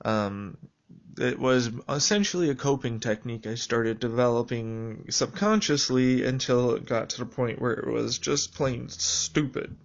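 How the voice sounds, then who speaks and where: A man talking through a reflective personal video journal in a rambling, halting way with many fillers. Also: medium pitch, creaky, muffled recording.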